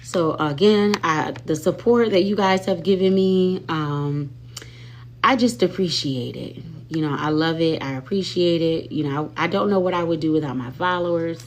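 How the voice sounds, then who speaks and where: A woman's voice: low voice, normal speed, slight background noise. Sassy woman chatting on a livestream. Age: adult with children. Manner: chatty and sassy, often addresses viewers as y'all and honey. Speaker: livestream host. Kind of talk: casual live-stream chat.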